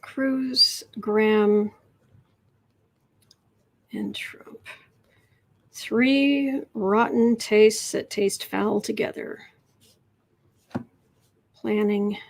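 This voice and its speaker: A woman's voice: medium pitch, steady tone, drawn-out words, creaky, long pauses. A woman doing a casual tarot reading on a livestream, chatty and rambling, sometimes dropping into whispered asides. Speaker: tarot reader.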